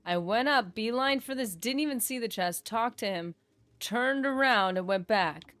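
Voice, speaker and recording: A woman's voice: fairly high pitch, lively intonation, moderate pace, fairly bright tone, no echo. A woman game streamer chatting casually while she plays, rambling, trailing off and poking fun at herself. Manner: chatty, rambling, self-deprecating, trails off and restarts. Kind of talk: casual livestream chat while gaming.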